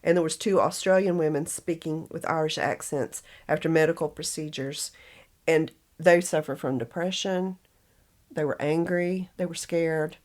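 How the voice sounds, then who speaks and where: Southern woman podcast co-host, lower pitch, chatty storyteller who laughs a lot. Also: fairly even intonation, normal speed, a little mellow. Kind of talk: casual chat.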